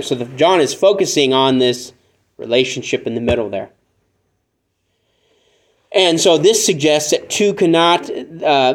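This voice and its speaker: A man preaching a conversational sermon, teaching from scripture with joking asides and animated acted-out examples. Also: on the high side. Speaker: pastor.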